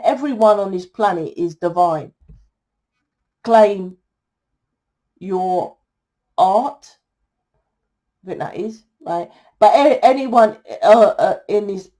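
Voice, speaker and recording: A woman's voice: mid-range voice, mellow. A woman giving a tarot reading to her viewers, blunt and exasperated, scolding them and swearing freely. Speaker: tarot reader.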